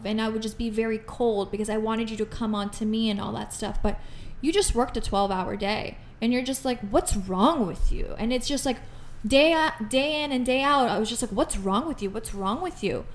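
A woman co-hosting a casual podcast chat, talking in an animated way and often filling with "like" and "you know.". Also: on the high side, fairly quick. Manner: animated, chatty, many fillers like "like" and "you know". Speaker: podcast co-host.

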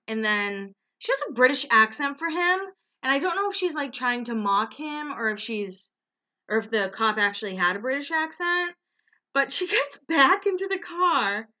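A woman with a very bright, forward voice talks casually to her viewers in one unrehearsed take. She rambles, corrects herself and laughs easily. She sounds a bit tired. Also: on the high side, expressive, moderate pace. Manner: chatty, rambling, self-correcting, laughs often. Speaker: vlogger recapping a reality show.

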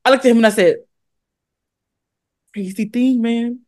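A woman's voice: fairly high pitch, a little slow, no echo, clean studio sound. A young woman, born in Hawaii and raised in California, chatting as a guest in a casual interview and acting out the voices of the people in her stories. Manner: animated storyteller, acts out quoted voices. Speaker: guest athlete.

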